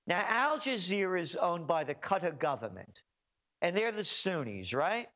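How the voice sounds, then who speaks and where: A man's voice: sits high, big pitch swings, moderate pace, sharp tone. A man speaking as a guest, giving heated, emphatic political commentary full of rhetorical questions.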